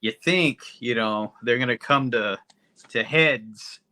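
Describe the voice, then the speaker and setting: A man's voice: medium pitch, takes it slowly, bright, forceful tone. A man co-hosting a podcast, recapping a movie plot in a laid-back, casual way. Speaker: podcast co-host. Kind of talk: casual movie review chat.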